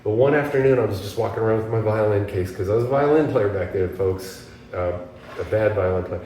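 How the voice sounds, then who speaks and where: A man from the United States, a guest guitarist, telling animated stories in an interview and acting out the voices of people he quotes. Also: lowish voice, a little fast. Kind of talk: storytelling interview. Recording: echoey room from a distance, faint background noise.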